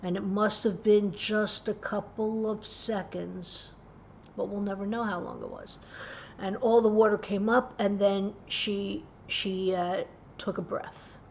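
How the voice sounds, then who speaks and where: A woman hosting a parenting tips show, earnestly retelling a personal story, dropping to a hushed voice at grave moments. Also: steady tone, a little slow, gravelly, muffled recording, slight background noise. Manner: earnest, vivid retelling with hushed low passages. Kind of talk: personal story told to camera.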